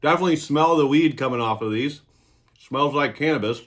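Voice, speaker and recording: A man's voice: on the high side, brisk. A man hosting his own review vlog, talking casually and joking as he eats. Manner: joking, irreverent. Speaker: cannabis reviewer.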